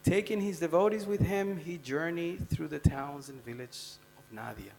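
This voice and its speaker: A man's voice: fairly high pitch, normal speed, gravelly, darkish tone. A man giving a devotional scripture class in a temple, talking conversationally and quizzing his listeners as he goes. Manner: conversational, quizzing the audience with "huh?" and "you know?". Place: temple hall. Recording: long hall reverb with faint mains hum.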